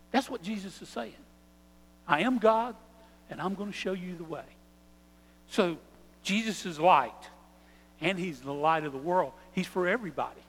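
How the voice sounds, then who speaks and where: A man preaching a sermon as pastor, earnest, slowing down and stressing key phrases. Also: high-pitched, fairly bright tone, long reverb tail, poor audio.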